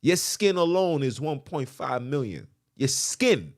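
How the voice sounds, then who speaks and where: A man's voice: mid-range voice, sing-song, measured pace. A man hosting a podcast, delivering a preachy monologue that quotes scripture, emphatic and repetitive, often asking "right?". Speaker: podcast host.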